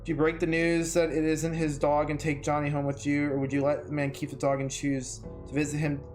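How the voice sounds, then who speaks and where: A man's voice: fairly high pitch, monotone, a little fast, a little mellow, soft background music. A young man streaming a game, chatting casually, reading its text aloud, swearing and reacting emotionally.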